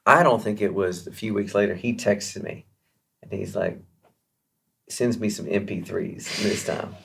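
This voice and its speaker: A man being interviewed as a guest musician, telling a long story in a chatty, animated way with many fillers and restarts. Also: on the low side, measured pace, creaky, slight background noise.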